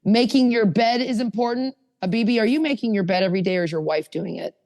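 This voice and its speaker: A woman teaching a sponsorship workshop over a video call, talking in a lively, chatty, coaxing way. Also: medium pitch, fast talker.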